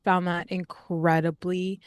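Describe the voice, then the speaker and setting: A woman's voice: fairly low pitch, slow pace, clear, resonant tone, no echo, clean studio sound. Chatty young woman reviewing a film. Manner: chatty, animated, frequent "like" fillers. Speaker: podcast co-host. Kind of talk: casual film review chat.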